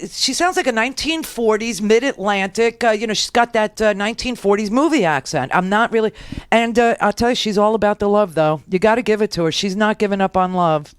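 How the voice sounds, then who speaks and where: A woman's voice: mid-range voice, a little fast, clean tone, no echo. Brief: woman talk radio host, rambling sarcastic commentary, resonant and dry. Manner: sarcastic, rambling, laughing asides.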